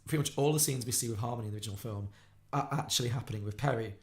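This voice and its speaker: Fast-talking man recapping a film. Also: medium pitch. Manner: fast, animated retelling of a film plot, acting out lines. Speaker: podcast co-host. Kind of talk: casual film podcast recap.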